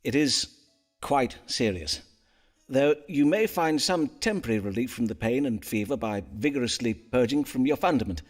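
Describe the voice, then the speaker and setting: An actor voicing a pompous Elizabethan astrologer-physician in a narrative game, speaking in florid archaic phrasing. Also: male voice, mid-range voice, animated, normal speed, soft background music, lightly acted. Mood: grave. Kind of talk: voiced game dialogue in Elizabethan English.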